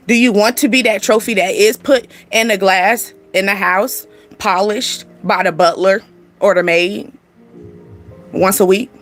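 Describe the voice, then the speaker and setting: A woman hosting a casual spiritual reading, chatty and animated, talking straight to her viewers in informal slang and laughing often. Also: mid-range voice. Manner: informal slangy speech with y'all and ain't. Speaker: spiritual reader and channel host.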